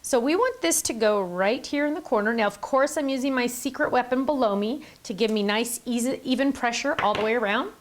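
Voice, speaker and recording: A woman's voice: on the high side, fairly quick, few pauses. A middle-aged woman hosting a card-making tutorial, chatty and enthusiastic, gushing over her supplies. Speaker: craft video host.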